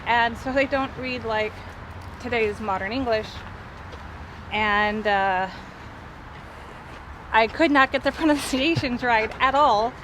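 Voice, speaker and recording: Higher-voiced woman chatting outdoors. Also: slow, long pauses. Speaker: vlog co-host. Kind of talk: casual chat. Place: outdoors in a cemetery by a busy road. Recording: outdoor street noise, passing traffic. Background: faint cars and trucks.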